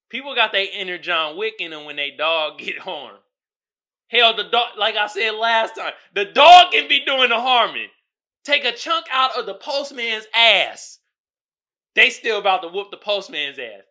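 A man hosting a podcast in casual solo commentary, animated and joking, laughing often, with slangy street talk. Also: high voice, normal speed. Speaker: podcast host.

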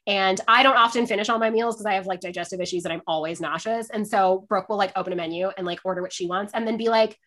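A young woman telling a story in casual chat, animated, full of "like", often laughing and acting out what people said. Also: medium pitch, fast talker, hardly any pauses. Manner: animated, acts out quotes, laughs often, says "like" a lot.

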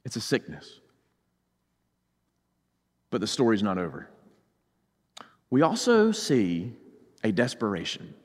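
A pastor with a Southern US accent preaching a sermon, rising to loud urgency and then dropping to a hushed intensity. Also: male voice, on the low side, huge pitch swings, slow pace, pauses often, slightly rough, big-room sound.

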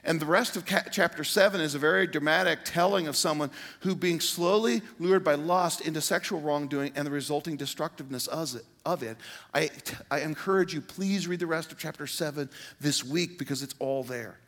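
Older pastor preaching with pleading earnestness. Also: male voice, on the high side, brisk, fairly bright tone. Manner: earnest, pleading, with sudden emphatic outbursts. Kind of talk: sermon.

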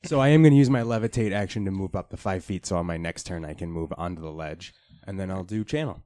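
A man's voice: sits low, quick pace, mellow, no room sound, clean studio sound. A man playing a tabletop game, joking playfully as he plans his moves. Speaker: player.

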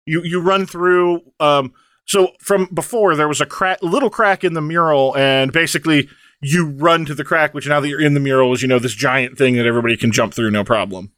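A man with a slightly high voice, casually talking through the plot of a game and working out what it means. The recording is dry and close. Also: fairly even intonation, fairly quick, fairly bright tone, no room sound. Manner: analytical, explains plot details. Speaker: podcast co-host. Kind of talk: casual game recap chat.

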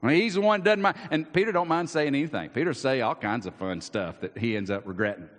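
A man with a Southern US accent preaching a sermon as pastor, folksy, repeating words and dropping into hushed asides. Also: medium pitch, fast talker, long reverb tail.

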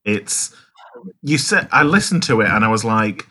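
A man's voice: fairly low pitch, big pitch swings, moderate pace, pushed and bright, slightly rough. A man co-hosting a casual podcast chat, dramatic and theatrical in his disgust. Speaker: podcast co-host.

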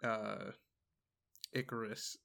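A man's voice: on the low side, steady tone, very slow, creaky, sharp tone. A man co-hosting a podcast in casual chat, asking curious, hesitant questions with many restarts. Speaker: podcast co-host.

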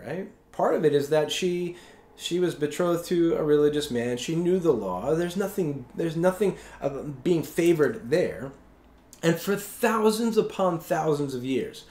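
A man's voice: on the high side, darkish tone, echoey room. A man preaching a sermon as pastor in a conversational way, often checking in with his listeners. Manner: conversational, keeps asking "right?".

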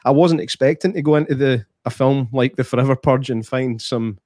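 A man weighs up a film in a reflective, matter-of-fact way during a casual chat. His voice has an average pitch. It is recorded close and dry. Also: a little fast, darkish tone, no room sound. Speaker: podcast co-host.

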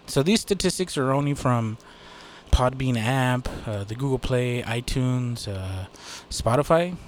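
A man's voice: mid-range voice, a little mellow, a little hiss or hum. A man hosting his own podcast in a rambling, casual way, swearing freely and joking at his own expense. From United States. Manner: rambling, profane, self-deprecating, many fillers. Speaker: podcast host. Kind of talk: casual solo podcast chat.

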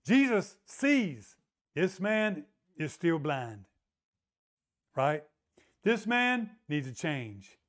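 Middle-aged man preaching, a high voice, lively and storytelling. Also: extremely slow, long pauses. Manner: animated storytelling, acts out the voices of the people he quotes. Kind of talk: sermon.

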